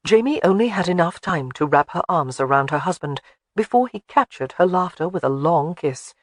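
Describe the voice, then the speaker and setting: A man reading an audiobook in a measured, even way. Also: on the high side, no room sound. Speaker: audiobook narrator. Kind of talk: scripted narration.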